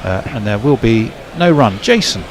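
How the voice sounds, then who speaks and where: A man's voice: on the low side, big pitch swings, normal speed, a little hiss or hum. A man giving ball-by-ball cricket commentary in a chatty way, checking himself aloud.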